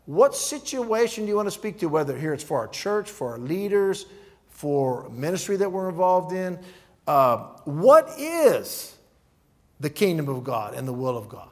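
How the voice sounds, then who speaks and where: Slightly high-voiced male preacher. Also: normal speed. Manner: animated storyteller who acts out dialogue; teaching with numbered points. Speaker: pastor. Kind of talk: sermon.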